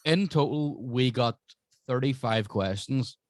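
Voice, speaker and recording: A man's voice: mid-range voice, no room sound. Man bantering, dry close sound. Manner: jokey, crude banter, quick bursts. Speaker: podcast guest. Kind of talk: casual podcast chat.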